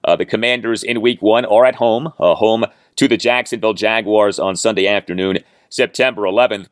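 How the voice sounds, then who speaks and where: A man hosts a sports podcast in a lively, swooping voice, wry and sarcastic. The sound is dry and close, with no room around it. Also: mid-range voice, no echo. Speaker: podcast host.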